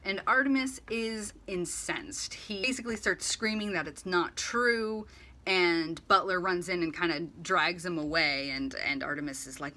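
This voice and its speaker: A woman's voice: on the low side, a little slow, bright, forceful tone. A woman giving a casual, rambling commentary comparing a book series with its film, acting out lines in little voices. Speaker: video essay host.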